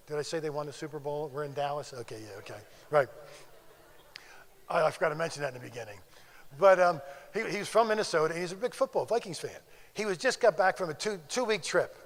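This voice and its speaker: An older man speaks at a conference and tells his faith story in a chatty way, acting out the voices in it. His voice sits a little high for a man. A long reverb from a large hall trails his words. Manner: storytelling, conversational, acts out quoted dialogue. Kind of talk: faith testimony speech.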